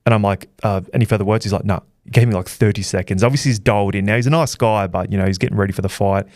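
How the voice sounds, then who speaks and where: Brief: male host, low voice, casual rambling recap, dry close mic. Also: very fast, darkish tone, no room sound. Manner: chatty storyteller, many fillers and restarts. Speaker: boxing channel host.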